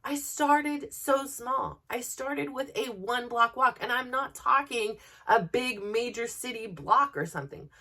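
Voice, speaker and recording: High-voiced woman, earnest self-help talk. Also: measured pace, few pauses, sharp tone, recorded from a distance. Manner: earnest, open and personal, speaking directly to listeners. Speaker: podcast host. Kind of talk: candid motivational monologue.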